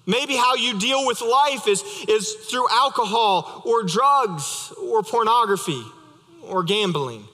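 Bright-voiced young pastor in a reverberant hall. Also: male voice, very high voice, expressive, takes it slowly. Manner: conversational, storytelling with light humor. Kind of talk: sermon. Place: church sanctuary.

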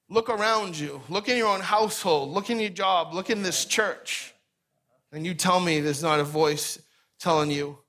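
A male pastor preaching a sermon to his church, telling stories with lively acted-out quotes. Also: high-pitched. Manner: animated storytelling, acts out voices in quotes.

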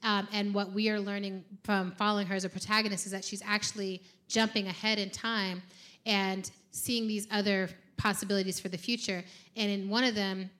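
A woman writer in a lively conversation, animated and quick to laugh. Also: medium pitch. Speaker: fiction writer.

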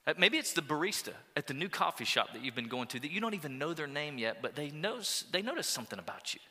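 Man, pastor preaching, very bright ringing voice, energetic call-and-response, long hall reverb. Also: medium pitch. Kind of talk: sermon. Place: church auditorium.

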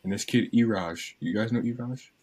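A man's voice: fairly low pitch, moderate pace, husky, poor audio. A teenage young man telling a story to friends, acting out what everyone said. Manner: animated storyteller, acts out quotes.

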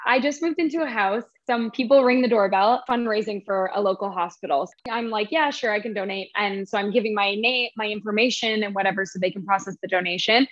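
An actress as a podcast guest, telling stories in a lively, laughing way. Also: female voice, mid-range voice, fairly quick, hardly any pauses. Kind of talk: casual podcast chat. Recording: slightly dull lo-fi sound.

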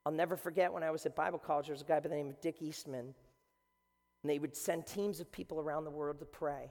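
Passionate high-voiced male preacher, building to shouts, long church reverb. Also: steady tone, fast. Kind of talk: sermon.

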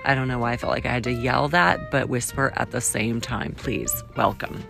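A woman hosting a solo podcast in a playful, quirky way, swinging from loud cheer to a near-whisper. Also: very deep voice, normal speed, gravelly, over loud music. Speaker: podcast host. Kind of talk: upbeat solo podcast talk.

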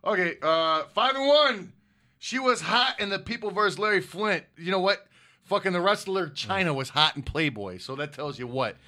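A man from Michigan with a Michigan accent, co-hosting a casual podcast, crude and blunt, with loud bursts when he reads out viewers' names. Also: high-pitched, lively intonation, moderate pace. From United States. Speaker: podcast co-host. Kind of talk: casual chat reading viewer super chats.

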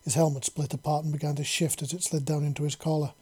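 A man reading a story aloud in a steady, plain narrating manner. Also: a little high, quick pace, slightly rough. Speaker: audiobook narrator.

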